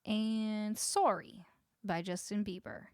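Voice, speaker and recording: A Canadian woman, a musician, talks slowly in a mid-range voice with fairly even intonation, a little mellow and smooth, and no echo. She's on her home livestream, close to a studio vocal mic, chatting with viewers between songs and cooing at her dog.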